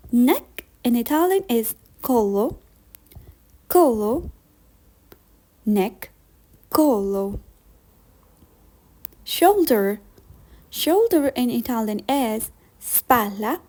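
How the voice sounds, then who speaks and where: A woman leads a beginner vocabulary lesson at an unhurried pace. She pronounces each word with care and repeats it for the listener to copy. Her voice sits somewhat high, and she sounds patient and encouraging. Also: a little mellow. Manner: slow, careful repetition of words. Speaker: language teacher.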